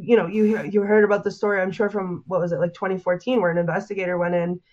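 Her voice is medium-pitched and darkish, level in tone and quick, with the high end of the recording cut off. A woman guest rambles through an emotional interview account of a frightening paranormal encounter. She peppers it with "like" and keeps restarting.

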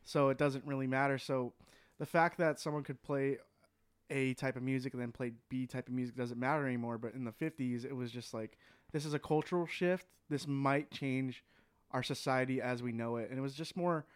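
Man with a smooth, clear voice, loose and joking. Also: mid-range voice, fairly even intonation, brisk. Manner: loose, joking, acts out quotes. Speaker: podcast co-host. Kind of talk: casual podcast chat.

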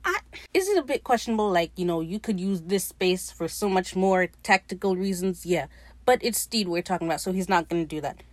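Woman, lowish voice, dry close sound; casual foul-mouthed recap host who gushes over the show. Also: lively intonation, brisk, dry recording. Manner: profane, gushing, quotes characters in her own voice. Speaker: podcast host.

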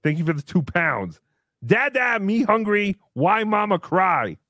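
A man's voice: high voice, very animated, unhurried, pushed and bright, no echo, clean studio sound, full character voice. A man voicing a brash, boastful comic character who talks about himself in the third person while hosting a livestream. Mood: chatty. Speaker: show host character. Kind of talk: livestream comedy banter.

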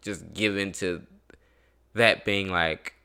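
A young man chatting casually with a friend, relaxed, often laughing and swearing. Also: sits low, slow pace, vocal fry, smooth. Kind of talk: casual chat.

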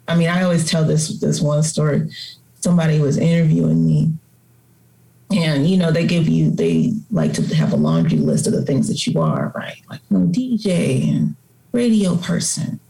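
A middle-aged woman with a Chicago accent, a writer and radio host, chatting as a podcast guest and telling stories in a lively, colloquial way. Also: low voice, moderate pace, gravelly, poor audio. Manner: animated storyteller, colloquial. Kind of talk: casual interview conversation.

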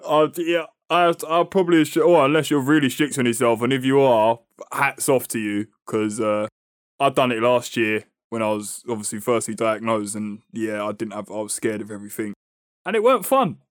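A man's voice: medium pitch, normal speed, no room sound, clean studio sound. Laid-back slangy London man. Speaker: podcast co-host. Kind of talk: casual chat.

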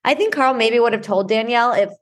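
Chatty woman retelling reality TV scenes. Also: a little high. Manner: quick, laughing, retells scenes with quoted voices. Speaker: podcast co-host. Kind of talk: casual chat.

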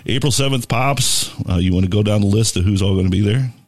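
Low-voiced rambling radio host, a man. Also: fast talker, a little mellow, no echo. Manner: rambling, filler-heavy, laughs often. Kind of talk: casual radio chat.

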